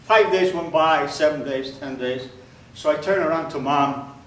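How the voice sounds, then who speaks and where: An older man giving a slow, deliberate spoken testimony to an audience, his voice sinking low and quiet at grave moments. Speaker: Holocaust survivor speaker. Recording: echoey hall recorded from far off, faint noise.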